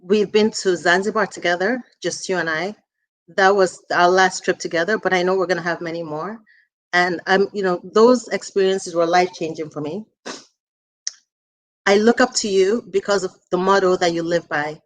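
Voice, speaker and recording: A woman's voice: lowish voice, fairly even intonation, normal speed. A woman in her forties giving an earnest, emotional tribute speech to her mother at a book launch. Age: 40s. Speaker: author's daughter, speaker.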